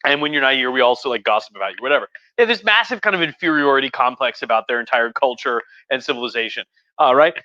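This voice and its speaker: A man's voice: medium pitch, expressive, fast talker, sharp tone, no echo, lo-fi sound. A tipsy man, a history professor, rambling casually and profanely about history on a livestream. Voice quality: profane, rambling, lots of fillers. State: tipsy from wine.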